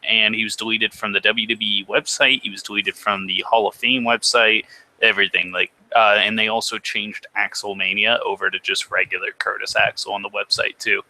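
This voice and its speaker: A man's voice: lowish voice, flat delivery, fairly quick, vocal fry, bright, forceful tone, rough recording. A man co-hosting a casual chat show, summarizing news in a matter-of-fact way. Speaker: co-host.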